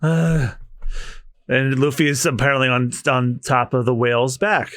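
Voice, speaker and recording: A man co-hosting a podcast. He reads a comic aloud, voicing the characters with lively, high, shouting lines. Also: normal speed, dry recording, clean studio sound. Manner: animated, voices characters with high shouting pitch. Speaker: podcast co-host. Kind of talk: manga readthrough, reading lines aloud with voices.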